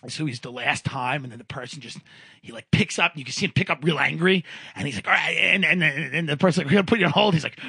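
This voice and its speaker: Husky, bright-voiced man telling rambling stories. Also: on the high side, fast, no echo, clean studio sound. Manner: rambling storyteller, acts out quoted people in big exaggerated voices. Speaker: podcast co-host. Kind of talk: casual comedic chat.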